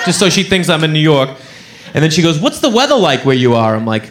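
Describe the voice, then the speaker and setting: A man's voice: a little high, quick pace, a little hiss or hum. A man doing stand-up comedy, telling a story and acting out the voices of the people in it. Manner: animated, acts out characters' voices.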